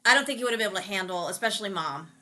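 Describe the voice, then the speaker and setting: Bright-voiced woman hosting a chat. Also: medium pitch, rapid-fire, a little hiss or hum. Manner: emotional, laughs often, lively storytelling. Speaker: podcast host. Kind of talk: casual chat.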